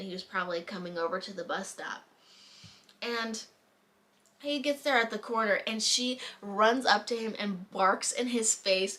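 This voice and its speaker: A young woman telling a story at home into her camera, in a chatty, animated way. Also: medium pitch. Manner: chatty, animated retelling with bursts of laughter. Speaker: vlogger. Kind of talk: casual storytime chat. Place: home room. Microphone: camera mic.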